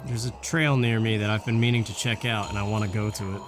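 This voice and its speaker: A man's voice: fairly low pitch, steady tone, fast. A young man hosting a let's play, giving rambling, casual gameplay commentary and thinking aloud. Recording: game music behind.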